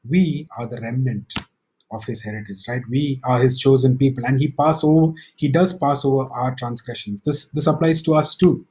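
A man preaching a sermon, reading scripture aloud slowly and emphatically, then explaining it in a conversational way with frequent asides. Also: mid-range voice, mellow, rough recording. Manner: slows and lifts his voice to read scripture aloud.

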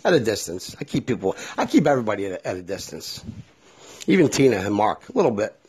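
A man's voice: fairly low pitch, very animated, fast, darkish tone, husky. A middle-aged man hosting a solo podcast, talking bluntly and with a lot of feeling, swearing freely as he speaks his mind. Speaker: podcast host. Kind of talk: candid solo podcast monologue.

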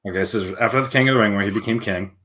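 A man's voice: fairly low pitch, very fast, bright, forceful tone. A man co-hosting a casual podcast chat, jokey and giggly, cracking stupid jokes. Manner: jokey, giggly, self-deprecating. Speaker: podcast co-host.

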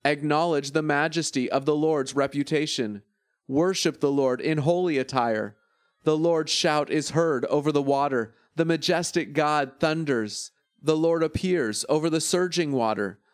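Man reading scripture, slightly high voice. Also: a little slow, no room sound, studio quality. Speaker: scripture reader.

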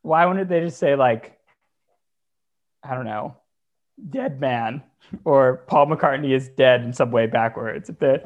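A man's voice: mid-range voice, measured pace, pauses often, phone-quality sound. A man co-hosting a casual podcast, asking dry, skeptical questions. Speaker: podcast co-host.

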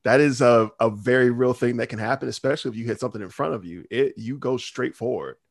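A man's voice: medium pitch, fast talker, dry recording, clean studio sound. A man co-hosting a podcast in casual chat, ranting animatedly with plenty of profanity and frequent laughter. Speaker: podcast co-host.

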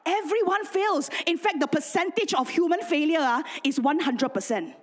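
A young adult woman pastor, preaching a sermon with animated, self-mocking storytelling. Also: very high voice, moderate pace. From Singapore.

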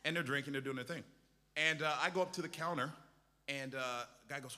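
A man's voice: medium pitch, fairly quick, pushed and bright, long reverb tail. A male pastor preaching a sermon with impassioned, repetitive exhortations.

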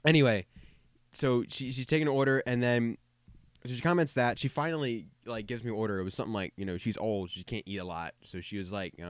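A man's voice: on the low side, fast, dry recording. A young man, a podcast co-host, telling a casual anecdote in a rambling way and often repeating words. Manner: rambling, self-interrupting, frequent repeated words.

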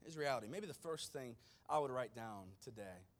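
A man preaching a sermon to his congregation, speaking dramatically and addressing listeners directly, swinging from hushed tones to loud emphasis. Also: medium pitch, expressive, normal speed. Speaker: pastor.

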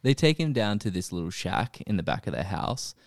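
A man co-hosts a casual podcast, retelling a plot in a rambling, joking way and often restarting his sentences. His voice leaps all over the place in pitch. The sound is close and dry. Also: big pitch swings, a little fast, no echo. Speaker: podcast co-host. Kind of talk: casual chat recapping a show.

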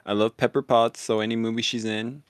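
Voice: mid-range voice, level tone, brisk, smooth, no room sound, studio quality. A co-host chatting casually on a podcast, easygoing and playful, laughing often. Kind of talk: casual chat.

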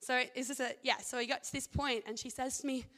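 A woman's voice: high voice, steady tone, fast, pushed and bright, big-room sound. A young woman sharing her faith testimony in an earnest, chatty way, then reading scripture aloud. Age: young adult. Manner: earnest, chatty, leans heavily on "like" and "I think".

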